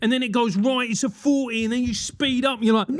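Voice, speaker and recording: Animated ranting man in his forties, high voice. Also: no room sound, studio quality. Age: 40s. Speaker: podcast host. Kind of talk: solo podcast monologue.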